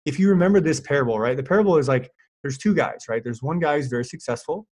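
Fast-talking man telling a story. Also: a little high. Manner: animated storyteller, lots of fillers. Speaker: fitness coach. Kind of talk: casual podcast chat.

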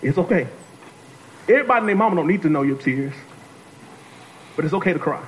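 A man's voice: a little high, expressive, fast talker, a little hiss or hum, poor audio. A man preaching a sermon as a guest speaker, talking to the congregation, repeating phrases and calling on them to answer.

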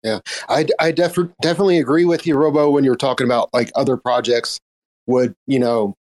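Male participant, medium pitch, halting casual speech. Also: steady tone, a little mellow. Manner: hesitant, with many restarts. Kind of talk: casual chat in a live audio room.

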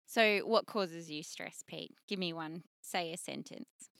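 Female guest, animated and rambling, bright voice, dry close-mic sound. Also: lowish voice, measured pace, creaky, no echo. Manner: rambling, animated, lots of fillers. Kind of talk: casual chat.

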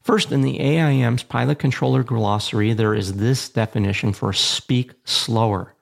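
A man hosting an instructional show on aviation radio communication, reading a measured, plain script with a dry touch of humor. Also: mid-range voice, gravelly. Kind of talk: scripted educational narration.

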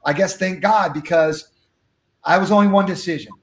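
A man telling a story from his life as an interview guest, acting out the dialogue with lively energy. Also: high voice, moderate pace, echoey room. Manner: animated, acts out dialogue. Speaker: guest speaker.

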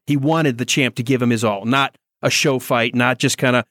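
A man chatting as a podcast guest, animated and acting out quotes. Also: mid-range voice, normal speed, no room sound, clean studio sound. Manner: animated, acts out quotes in voices. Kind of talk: casual podcast chat.

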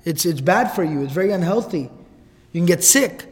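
A man's voice: sits high, lively intonation, brisk. A man voicing a frantic scolding mother. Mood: worried. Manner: sharp, worried scolding. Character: anxious scolding mother, middle-aged woman. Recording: long hall reverb.

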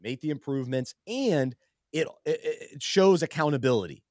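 This co-host has a fairly high, expressive voice with a darkish tone, speaking at normal speed in an echo-free studio recording. He chats about sports from a faith perspective, earnest and thoughtful, regularly restarting what he's saying.

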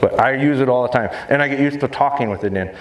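A man, a dog trainer, giving a lively live seminar talk to an audience in a large expo hall, often joking. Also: fast. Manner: lively, jokey, acts out high baby-talk voices to dogs. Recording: echoey hall with faint noise.

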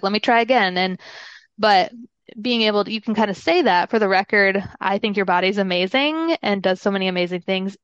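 A woman's voice: mid-range voice, no room sound, lo-fi sound. A woman co-hosting, talking casually in a rambling way with lots of filler words. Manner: rambling, heavy use of filler like. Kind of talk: casual conversational talk.

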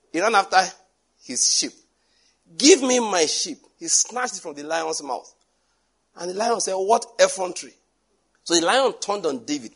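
A man's voice: a little high, husky. A man preaching a sermon, animatedly acting out scenes and dialogue. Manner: animated, acts out dialogue with shifting voices and laughs.

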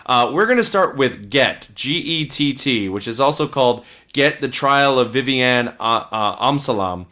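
A man's voice: mid-range voice, lively intonation, normal speed, pushed and bright. A man co-hosting a casual podcast, rambling and opinionated as he reviews films, swearing freely. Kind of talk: casual chat.

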